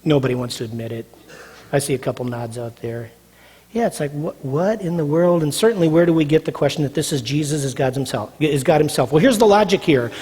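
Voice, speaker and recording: Preaching fairly quickly in a slightly high, somewhat mellow and rough voice, this pastor is emphatic and repetitive, asking the audience questions he answers himself. The sermon echoes with long hall reverb.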